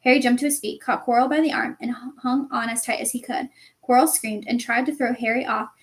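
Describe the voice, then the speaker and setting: A woman reading a novel aloud as narrator, with expressive, dramatic storytelling. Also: a little high, fairly quick. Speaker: audiobook reader.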